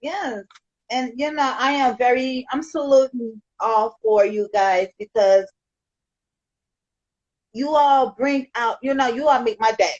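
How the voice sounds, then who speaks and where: A woman's voice: a little high, unhurried, a little mellow. A woman hosting her own podcast, chatting casually and enthusiastically with her guest. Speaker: podcast host. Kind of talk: casual interview chat. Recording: dull lo-fi audio.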